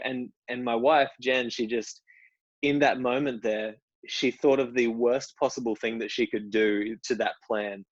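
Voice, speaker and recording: A man's voice: medium pitch, steady tone, measured pace, no room sound, dull audio. A man hosting an online meetup, talking casually and rambling with many restarts. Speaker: host of a stoicism meetup. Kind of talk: casual talk to a group. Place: indoor room at home.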